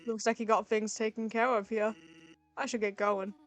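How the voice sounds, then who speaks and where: A woman's voice: fairly high pitch, normal speed, natural voice. Sans, a woman doing a laid-back skeleton guy. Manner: relaxed and punning. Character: laid-back joking male skeleton, easygoing.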